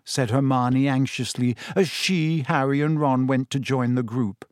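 An audiobook narrator reading a story, expressive and fond of doing character voices. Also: medium pitch, a little slow, dry recording, studio quality. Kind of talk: scripted narration.

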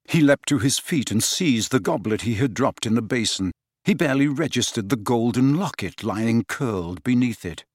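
A man narrating an audiobook in a dramatic, expressive reading style. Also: mid-range voice, normal speed, no echo, clean studio sound. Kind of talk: scripted narration.

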